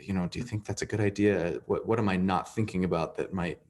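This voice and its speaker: A man's voice: deep voice, steady tone, fast talker, a little mellow. A man hosting a casual talk show, easygoing and full of fillers. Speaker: host.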